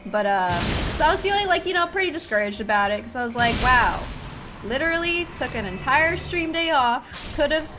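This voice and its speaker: Animated and fairly quick, her high voice comes through over a noisy background with game music. She's streaming a video game, giggling and teasing herself as she chats casually with her viewers.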